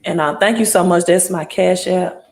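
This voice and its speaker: Southern woman, low-pitched, casual phone live stream host, conversational and comment-driven. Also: normal speed, gravelly, darkish tone. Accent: Mississippi Southern US. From Mississippi. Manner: chatty, reads viewer comments aloud, keeps asking "right?". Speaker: credit educator hosting a live stream.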